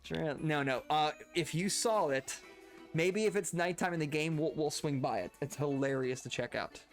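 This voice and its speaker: A man's voice: fairly high pitch, moderate pace, faint music behind. A man chatting casually while streaming a video game, laughing often and rambling into asides. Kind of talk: casual gameplay chat.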